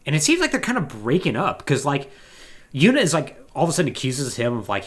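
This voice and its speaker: A man hosting a casual video game podcast, retelling a story with animated, acted-out quotes. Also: a little high, fairly quick. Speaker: podcast host.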